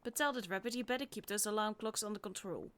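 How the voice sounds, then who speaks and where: A woman's voice: mid-range voice, fast, fairly bright tone, lightly acted. A woman voicing a boastful, vain male hunter while reading game dialogue aloud, full of old-timey slang.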